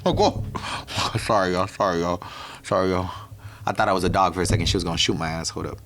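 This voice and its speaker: A young man from the DMV area around DC hosts a podcast, telling a story as a sassy, profane rant full of tangents. He speaks fast in a low voice, with background noise in the recording.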